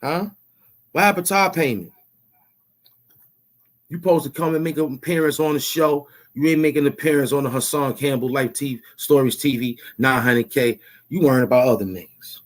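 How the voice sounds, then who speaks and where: This YouTube host speaks slightly high and a bit slowly, leaving long pauses. In a confrontational rant to camera, he mocks and repeats himself, demanding money he believes he's owed.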